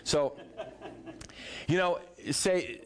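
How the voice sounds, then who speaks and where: A man preaching a sermon in a church, moving between lively, joking talk to the congregation and soft, hushed prayer. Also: fairly high pitch, extremely slow. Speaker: pastor.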